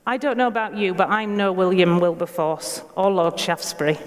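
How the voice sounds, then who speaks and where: A woman with a Yorkshire accent giving an earnest, measured sermon in a church, asking her listeners questions. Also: on the low side, long reverb tail. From Yorkshire, England. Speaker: preacher.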